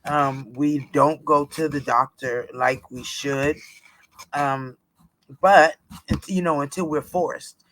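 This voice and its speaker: A man vlogger telling his personal story in a chatty, unhurried way, with plenty of fillers along the way. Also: on the high side, steady tone, fairly bright tone, dry recording.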